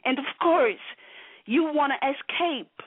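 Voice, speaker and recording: A woman's voice: high-pitched, lively intonation, takes it slowly, no echo. A woman gives a preachy, profane monologue to camera, emphatic and blunt, repeatedly asking "you know". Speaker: vlogger. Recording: tinny, phone-like and dry.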